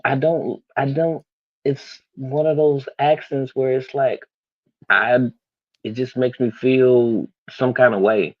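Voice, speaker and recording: A man's voice: mid-range voice, fairly even intonation, slow pace, no room sound. Man with a dull, lo-fi sound. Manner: hesitant, restarts, chuckling asides. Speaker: panel guest. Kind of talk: casual livestream chat.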